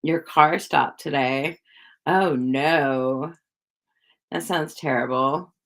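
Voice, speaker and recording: A woman's voice: low-pitched, drawn-out words, gravelly, a bit bright. A woman chatting casually with viewers on a livestream, rambling with lots of fillers and little giggles. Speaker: psychic livestreamer.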